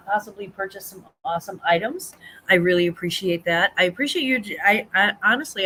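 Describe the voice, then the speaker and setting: Woman, casual live-stream host, rambling and chatty, bright tone, faint room ambience. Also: medium pitch, slight background noise, poor audio. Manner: chatty, rambling, many ums and restarts. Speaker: host of a live reselling chat show.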